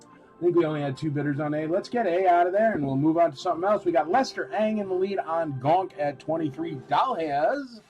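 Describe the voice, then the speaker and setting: A man's voice: fairly high pitch, expressive, a little fast, a little mellow, lo-fi sound, soft background music. A man hosting a casual live-stream auction, chatty and rambling with lots of filler words.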